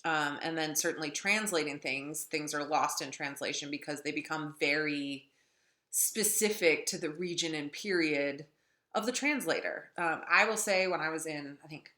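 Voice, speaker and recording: Low-pitched woman, wry chatty lecturer, roomy echo. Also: normal speed, bright, forceful tone. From North Dakota. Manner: chatty, wry, with many ums. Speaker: literature lecturer. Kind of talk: classroom lecture. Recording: echoey room.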